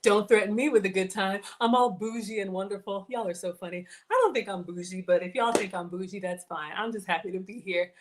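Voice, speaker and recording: A woman's voice: medium pitch, a little fast, hardly any pauses. A woman chatting casually while hosting a live cooking stream, reading viewer comments aloud and laughing often. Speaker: livestream cooking host.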